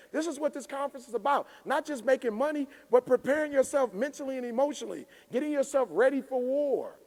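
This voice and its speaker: A man delivering a fiery motivational keynote from a conference stage, his voice pitched high with a gravelly, frying edge. He preaches emphatically and builds to shouted peaks, while the hall throws back a long, reverberant tail.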